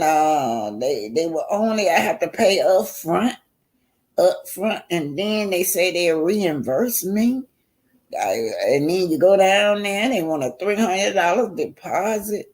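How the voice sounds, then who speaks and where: Woman, vlogger, unhurried, blunt, mocking reaction commentary. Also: mid-range voice, a little mellow. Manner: blunt, mocking, talks straight to viewers. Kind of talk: reaction commentary on a played clip.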